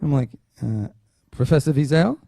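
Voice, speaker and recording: A man's voice: medium pitch, moderate pace, gravelly, dry recording. A man giving a keynote speech at a dinner, telling a story with humorous asides and acting out the dialogue in quotes. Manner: animated, acts out dialogue in quotes. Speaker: keynote speaker.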